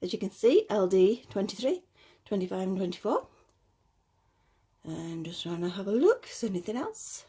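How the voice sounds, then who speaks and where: Warm and slightly rough, this woman's mid-range voice has a sing-song lilt at normal speed with long pauses. She's a doll collector casually unboxing little dolls at home on camera, cooing over the tiny details while a bit out of breath.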